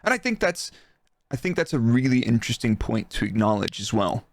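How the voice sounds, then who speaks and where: A man co-hosting a casual podcast, relaxed and chatty, laughing easily. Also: medium pitch, brisk, no room sound, studio quality. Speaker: podcast co-host, former F1 engineer.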